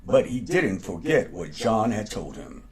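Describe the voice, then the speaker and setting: A man hosting a show and reading a folktale aloud in a lively, unhurried way. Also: lowish voice, breathy edge. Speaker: podcast host and storyteller.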